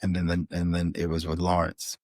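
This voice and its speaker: A man, a podcast guest, telling an animated story in a casual interview, with frequent restarts. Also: low voice, a little fast, dry recording. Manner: animated, many restarts and fillers. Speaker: podcast guest, author and filmmaker.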